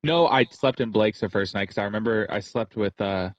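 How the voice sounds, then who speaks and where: A young man tells a loose, meandering story in a low voice, tossing in "bro" and "dude" at every turn. The sound is dry and close, with no room around it. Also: fairly quick, no echo, dull audio. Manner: rambling slangy storytelling, says "bro" constantly. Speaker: podcast co-host. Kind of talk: casual chat.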